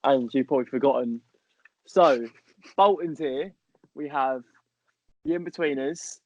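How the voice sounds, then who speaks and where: A man's voice: mid-range voice, a little slow, darkish tone, no echo. A man co-hosting a podcast in casual, jokey chat, often stumbling over and repeating his words. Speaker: podcast co-host. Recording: dull, slightly muffled audio.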